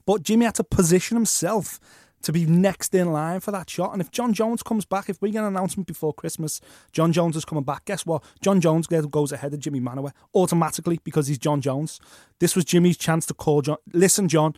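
Fast-talking sports podcast host. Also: male voice, fairly high pitch, dry recording, clean studio sound. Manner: fast, animated, opinionated. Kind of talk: casual sports chat.

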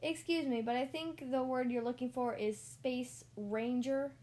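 A self-important toy space ranger from a storybook, voiced by a woman reading aloud. He speaks in a grand, formal manner and is sure of himself. The voice sits a little high. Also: fairly even intonation, a little slow, warm tone.

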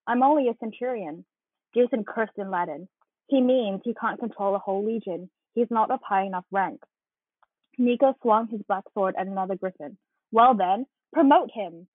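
Casting: husky-voiced woman co-host, reads aloud animatedly, phone-thin dry audio. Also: medium pitch, moderate pace, no echo. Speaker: podcast co-host. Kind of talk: casual chat and reading aloud. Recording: tinny phone-like line.

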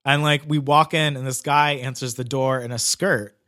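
A man's voice: medium pitch, fairly even intonation, moderate pace, a bit bright. A man telling a long story in casual chat, rambling with lots of "like" and swearing. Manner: rambling, heavy use of "like", swearing.

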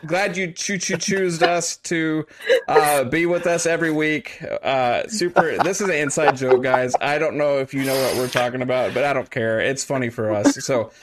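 A man's voice: mid-range voice, normal speed, few pauses, slight background noise. A man hosting a podcast, chatting casually and joking, with lots of fillers. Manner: playful, joking, many fillers. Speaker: podcast host. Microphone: online call setup.

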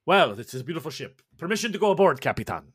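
A man's voice: fairly high pitch, big pitch swings, fairly bright tone, breathy edge, no room sound, clean studio sound, full character voice. Man doing an effusive Castilian ship's chef. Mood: apologetic. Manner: effusive, halting, searching for words.

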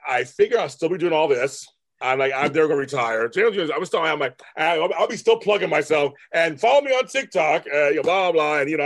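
A man in his fifties, a guest artist talking candidly in an interview, blunt and profane, mimicking his family in raised voices. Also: mid-range voice. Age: 50s. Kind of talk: candid casual interview talk.

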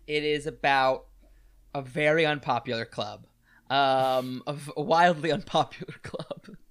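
A co-host chatting casually while reacting to a music video, teasing and joking in a playful, deadpan way. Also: medium pitch.

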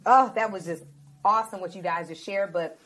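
A woman with a slightly low voice hosts a Christian talk conversation. She tells stories expressively and acts out the dialogue. Her delivery is animated and personal. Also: fairly quick, slight background noise. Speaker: host.

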